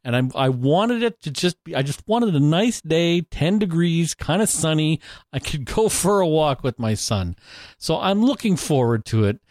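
A man's voice: fairly high pitch, expressive, normal speed, a little mellow, no room sound. Cohost guy rambling, swears a bunch, voice bounces all over, dry mic. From Canada. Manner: rambling, candid, swears freely. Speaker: podcast co-host. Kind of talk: casual chat.

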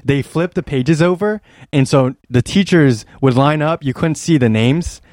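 A man's voice: on the high side, measured pace, darkish tone, no echo, clean studio sound. A young man co-hosting a podcast, talking earnestly and rambling with many restarts. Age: young adult. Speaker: podcast co-host. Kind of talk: casual chat.

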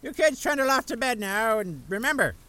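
A man's voice: very high voice, brisk, exaggerated voice, low-quality recording. A man playing a sardonic, folksy uncle who tells bedtime horror stories on a comedy radio show. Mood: spooky folksy. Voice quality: folksy drawl, dark deadpan asides. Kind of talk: comic radio-show storytelling.

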